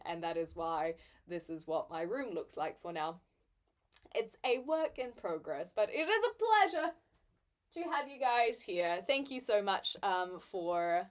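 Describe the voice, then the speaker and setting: A young woman from New Zealand, a streamer chatting casually with live viewers from her bedroom and reading chat aloud with frequent giggles. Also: mid-range voice.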